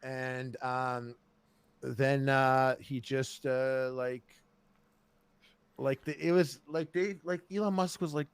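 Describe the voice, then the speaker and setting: A man's voice: medium pitch, takes it slowly, clean tone, no room sound. A man co-hosting a podcast in casual chat, rambling through stories and acting out quotes. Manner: rambling storyteller, acts out quotes. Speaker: podcast co-host.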